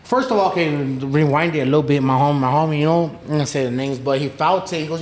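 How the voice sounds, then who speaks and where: A man's voice: fairly high pitch, quick pace. A man, telling a story in a casual podcast chat, slangy and profane, acting out the voices of the people in it. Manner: slangy and profane, retelling with quoted dialogue. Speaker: podcast guest. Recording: echoey room with faint noise.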